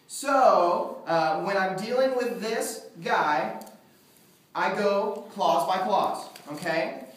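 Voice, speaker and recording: A man teaching a Greek class, lecturing and often checking in with his students. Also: sits high. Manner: questioning students, checking in with "okay?". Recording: echoey classroom, mic far off.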